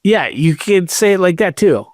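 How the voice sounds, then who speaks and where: A man's voice: sits high, expressive, normal speed, darkish tone, dry recording, studio quality. A man co-hosting a podcast in casual chat, rambling and jokey. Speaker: podcast co-host.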